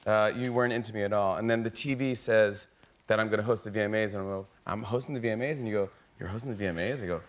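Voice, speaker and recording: A man hosting a late-night talk show, telling stories in a lively, stammering, laughing way. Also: lowish voice, fast. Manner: animated, laughing storyteller who stammers and restarts. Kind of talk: casual chat. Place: TV studio stage.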